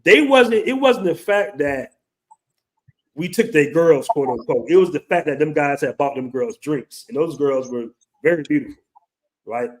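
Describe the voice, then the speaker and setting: Host, man, 40s, slightly high voice, lively casual storyteller who swears. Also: normal speed. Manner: animated, acts out quoted voices, swears casually.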